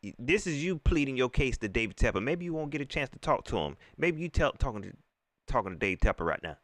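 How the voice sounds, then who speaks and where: A man's voice: mid-range voice, big pitch swings, fast, a bit bright, no echo. A man hosting a post-game livestream, ranting in repetitive casual slang. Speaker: livestream host.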